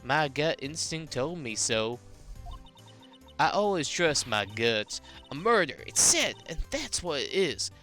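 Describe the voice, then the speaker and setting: A woman's voice: low-pitched, sing-song, slow, fairly bright tone, faint music behind, pitched above the performer's own voice, heavily acted. A woman voicing a brash, nosy female photographer in a put-on southern US drawl, as in a video game. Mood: boastful. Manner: pushy, nosy, boastful.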